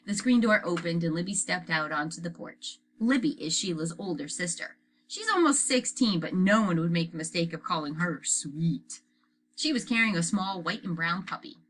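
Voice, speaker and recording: Woman reader for a kids' chapter book; bright, lively, expressive delivery. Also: lowish voice, normal speed, a little hiss or hum. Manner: expressive, animated reading. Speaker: audiobook reader. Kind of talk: children's book narration.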